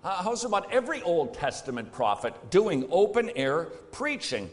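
Lively preacher in a reverberant hall. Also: male voice, high voice, moderate pace. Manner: emphatic, rhetorical questions, plain-spoken. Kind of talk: sermon.

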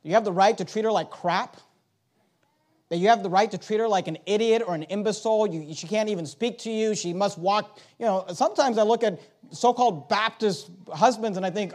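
A middle-aged man, a pastor preaching a sermon, swinging between soft confiding talk and loud emphatic lines. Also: high-pitched, brisk.

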